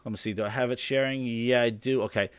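A man's voice: medium pitch, fairly even intonation, fast talker, clean tone, dry recording. A man hosting a gaming stream, rambling and sarcastic, with plenty of profanity. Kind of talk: casual gaming podcast rant. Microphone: studio-quality microphone.

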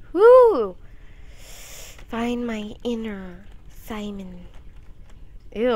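Giggly rambling teen girl gamer. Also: fairly bright tone. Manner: jumps into silly high voices. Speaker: gameplay commentator. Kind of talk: casual gameplay commentary.

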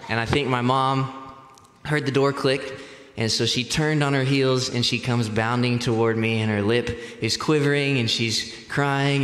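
A young man preaching a sermon as pastor, deliberate and measured, picking up speed when telling personal stories. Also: mid-range voice, fairly even intonation, fairly bright tone. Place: church sanctuary. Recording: echoey church hall.

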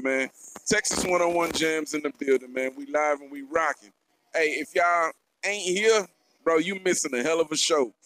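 A man's voice: high voice, sharp tone. A man hosting a radio interview at a music festival venue, hyped and slangy, repeating himself. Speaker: radio show host. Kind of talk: hype interview intro.

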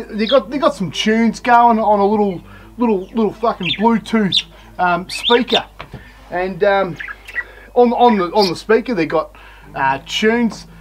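Slow, rambling Australian bloke. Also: male voice, very high-pitched, rough recording. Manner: rambling, sweary, blokey banter. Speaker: beer reviewer and show host. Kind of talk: casual beer review chat.

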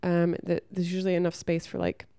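A young woman talking frankly to camera, giving relationship advice and telling a story from her own life with lively acted-out quotes and some swearing. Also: fairly low pitch, brisk, clear, resonant tone, dry recording. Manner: frank and blunt, swears freely; lively storyteller who acts out the people she quotes. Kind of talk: casual advice monologue with storytelling.

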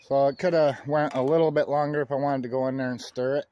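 A man narrating his workshop project in a relaxed, chatty way, talking while he works outdoors. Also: mid-range voice, quick pace. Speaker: DIY off-grid vlogger.

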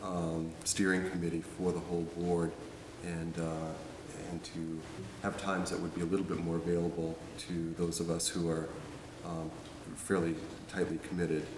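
A man's voice: deep voice, level tone, normal speed, hardly any pauses. A man on a school board agreeing in a hesitant way at a public meeting. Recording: echoey hall with room noise.

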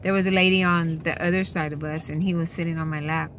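A woman's voice: deep voice, fairly even intonation, quick pace, fairly bright tone, a little hiss or hum. A young adult woman vlogging in a car and a store, chatting casually and rambling through exasperated complaints with lots of fillers. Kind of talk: casual chat. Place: inside a car, later a store.

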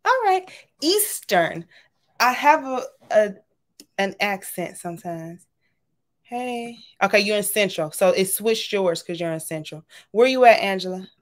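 A woman's voice: mid-range voice, animated, moderate pace. A woman, casually chatting and signing off from a livestream, talking affectionately to her viewers. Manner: warm, chatty, says y'all often. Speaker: livestream host. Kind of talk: casual livestream sign-off chat.

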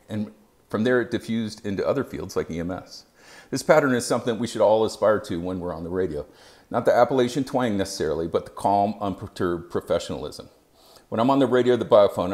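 A man giving scripted narration as an EMS educator, with a measured, even delivery. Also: on the low side.

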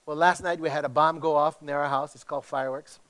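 A middle-aged male pastor from Hawaii with a slight tinge, preaching in an animated, conversational way with many restarts. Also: fairly high pitch, quick pace, smooth. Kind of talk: sermon.

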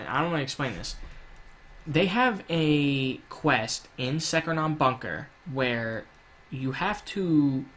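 A man's voice: fairly high pitch, fairly bright tone, slight background noise. A man giving casual, rambling gameplay commentary, swearing often and drifting into rants. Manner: rambling, profane, ranting. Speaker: gaming YouTuber.

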